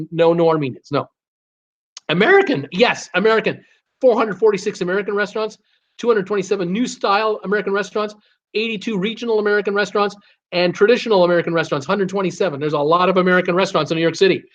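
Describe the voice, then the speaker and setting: A man hosting a casual live stream, chatting to viewers, repeating words and filling pauses with "uh" while he searches. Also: high voice, dull audio. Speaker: livestream host.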